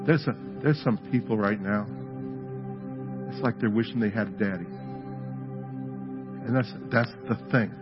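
A man's voice: fairly low pitch, unhurried, pauses often. Man, pastor, sermon and prayer, earnest, conversational, dull lo-fi sound, worship music behind. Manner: earnest, conversational, prays aloud with the congregation. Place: church service.

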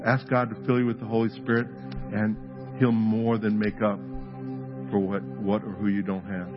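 Dull lo-fi audio, with music underneath, captures a pastor preaching and praying aloud at a church service. His lowish voice moves at a normal speed with a flat delivery, yet he comes across as earnest and conversational. The talk is a sermon with prayer ministry.

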